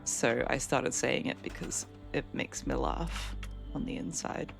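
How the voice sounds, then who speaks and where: With soft music in the background, a woman with a bass, creaky voice talks unhurriedly as she streams a game from home. She's chatty, laughs readily, and reads out and replies to her chat.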